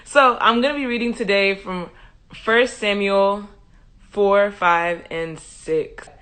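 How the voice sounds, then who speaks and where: A woman hosting a casual livestream Bible commentary, animated and joking with slangy asides and frequent laughter. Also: mid-range voice, slow pace, smooth. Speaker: host.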